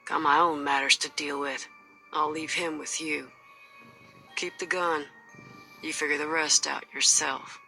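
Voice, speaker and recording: An actress voicing a tough, cold female mercenary in a video game, with a gruff, threatening, folksy drawl. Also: sits low, fairly even intonation, measured pace, long pauses, sharp tone, faint music behind, full character voice, low-quality recording. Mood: dismissive. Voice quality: husky.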